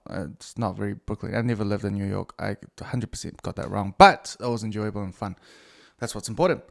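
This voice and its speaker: A man's voice: lowish voice, animated, fairly quick, creaky. Middle-aged male podcast host, loose and profane, talking off the cuff. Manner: profane, rambling, self-mocking. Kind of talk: casual solo podcast monologue.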